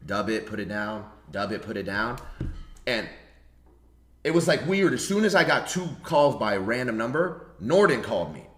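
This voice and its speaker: A young adult man, a streamer, telling a story in a casual, animated way, full of slang and cursing. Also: on the low side, moderate pace, slight background noise. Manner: animated, slangy, swears freely. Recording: roomy echo.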